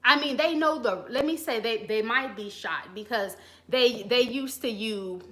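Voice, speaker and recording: A woman's voice: on the high side, unhurried, fairly bright tone. A woman hosting a live stream from her phone, casually and bluntly preaching advice in slangy talk while greeting viewers in the chat. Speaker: channel host giving advice.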